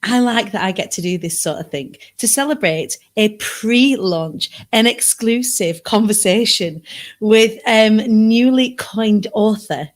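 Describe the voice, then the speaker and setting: A woman's voice: mid-range voice, lively intonation, a little slow. A woman from Britain hosting a casual livestream from her sofa, bubbly and chatty with rambling asides. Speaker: livestream host. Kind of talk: casual live chat. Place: home sofa.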